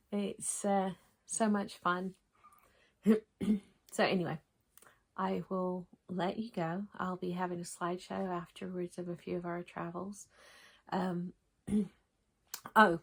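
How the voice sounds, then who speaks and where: A woman with a mixed American and English accent, hosting a crafting vlog in a gentle, rambling chat to camera with frequent restarts. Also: medium pitch. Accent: mix of American and English.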